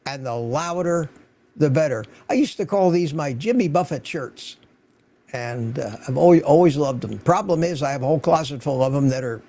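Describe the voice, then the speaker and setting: A man's voice: medium pitch, mellow. An older man hosting a livestream, chatting casually and rambling as he greets viewers by name from his home studio. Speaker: livestream host.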